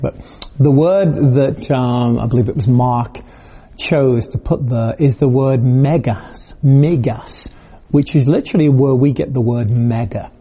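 A man's voice: mid-range voice, warm tone, husky. A man preaching a video sermon in a conversational, storytelling way, acting out quoted voices.

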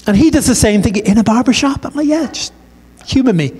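A man preaching a sermon, telling a story in a conversational, animated way and acting out the dialogue. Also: very high voice, a little fast, breathy edge. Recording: long hall reverb.

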